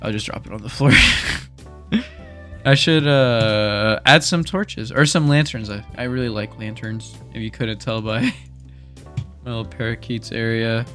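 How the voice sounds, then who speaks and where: A young man chatting casually over gameplay, speaking softly, rambling candidly and laughing often into a desk mic. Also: medium pitch, unhurried, faint music behind. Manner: speaks softly while recording. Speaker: gaming video creator. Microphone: desk microphone.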